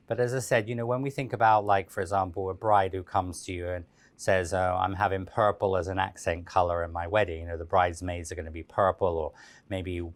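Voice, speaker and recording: A man giving a relaxed, chatty step-by-step cake decorating tutorial, with frequent fillers and restarts. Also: fairly low pitch, no echo.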